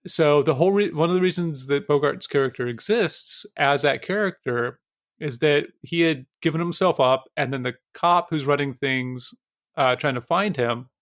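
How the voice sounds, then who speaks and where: A man's voice: a little high, normal speed, a bit bright, no echo, studio quality. A man co-hosting a film podcast, talking through ideas in a loose, rambling way with lots of fillers. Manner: thoughtful, rambling with many fillers. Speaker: podcast co-host. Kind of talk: casual film discussion.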